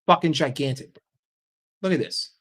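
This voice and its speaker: A man's voice: fairly high pitch, moderate pace. Foul-mouthed man chatting on stream. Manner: profane, blunt, animated. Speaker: livestream host. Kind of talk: casual livestream chat, reading comments.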